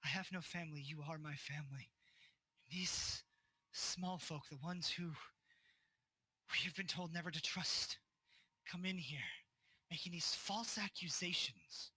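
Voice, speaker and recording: A man's voice: on the high side, a little slow, pauses often, sharp tone, slightly rough, no echo, heavily acted. A man voicing an elder female guardian who pleads with her ward during a tabletop game. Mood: pleading.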